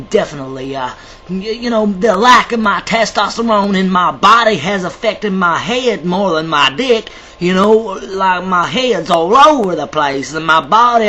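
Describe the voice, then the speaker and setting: A man's voice: high voice, pushed and bright, muffled recording, slight background noise. A man vlogging to camera in a rambling, chatty way, theatrical and self-described as dramatic. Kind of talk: rambling casual monologue to camera.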